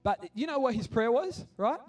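A man's voice: extremely high pitch, expressive, normal speed, a little mellow, recorded from a distance, soft background music. A man preaching a casual sermon at kids church, full of restarts, that builds to passionate appeals. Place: church hall.

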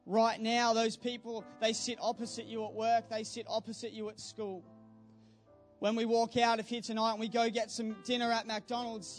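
A young man, a youth pastor, preaching a sermon earnestly and building to fervent exhortation at a church service. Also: extremely high pitch.

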